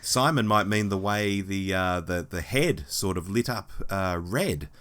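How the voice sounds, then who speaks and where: Hoarse man, low voice. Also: expressive, unhurried, a bit bright. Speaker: podcast co-host. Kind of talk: casual podcast chat.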